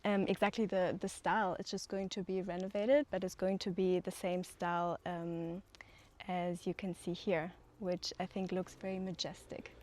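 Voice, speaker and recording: A woman's voice: fairly low pitch, flat delivery, normal speed, a little mellow. A woman co-founder giving an outdoor walking tour, talking with enthusiasm and many fillers. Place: outdoors on hillside land.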